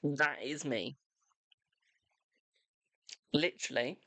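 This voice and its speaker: A young adult tarot reader hosts a live stream in loose, unscripted chat. The voice sits at a middling pitch with a gravelly rasp running through it, and the sound is close and dry with no room around it. The delivery is blunt and frank, with a self-mocking edge. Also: slow pace, sharp tone, dry recording. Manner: blunt, chatty, self-deprecating.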